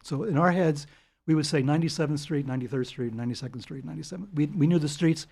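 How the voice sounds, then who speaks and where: An older man, telling long anecdotes as a guest in an interview, animated and chuckling. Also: a little high, fast talker, gravelly, slightly rough. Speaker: guest author. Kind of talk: storytelling interview.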